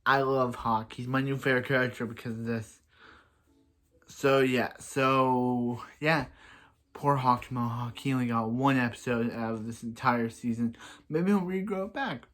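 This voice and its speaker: A young man casually reviewing a TV episode, rambling and excitable and often restarting his sentences. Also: mid-range voice, measured pace. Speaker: fan reviewer.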